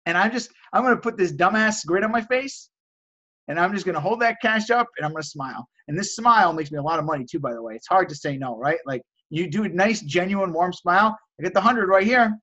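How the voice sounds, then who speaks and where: Man, high voice, live-stream host, enthusiastic salesman tone, dull lo-fi audio. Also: animated, fast, bright, forceful tone. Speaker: host of a live stream teaching resale negotiation. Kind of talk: casual live-stream coaching, reading chat messages.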